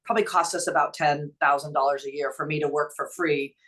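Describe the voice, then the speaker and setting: A woman's voice: low voice, fast talker. Middle-aged woman, earnest nonprofit founder guest, candid and heartfelt. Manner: earnest, emotional, quotes others in lively voices. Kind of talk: conversational storytelling.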